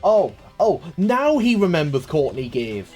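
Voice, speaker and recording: Chatty streamer guy, teasing and playful; lively delivery over faint music. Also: a little high, unhurried. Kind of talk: casual live-stream chat.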